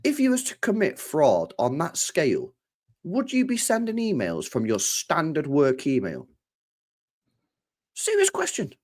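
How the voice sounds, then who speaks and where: A man's voice: medium pitch, unhurried. A man hosting a live football stream, swearing freely and acting out imagined conversations. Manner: swears freely, animated, acts out imagined dialogue. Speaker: football channel host.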